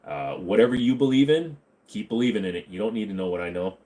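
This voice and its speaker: A man's voice: lowish voice, lively intonation, fast, warm tone. A man hosting a casual livestream from his home computer room, reading chat questions aloud and answering them in a rambling, joking way.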